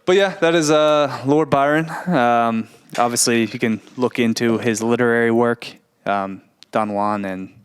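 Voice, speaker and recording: A man's voice: mid-range voice, measured pace, few pauses, clean tone. A man on a comedy podcast, recounting history in a laid-back, casual way with fillers. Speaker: podcast host presenting the history. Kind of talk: casual storytelling chat.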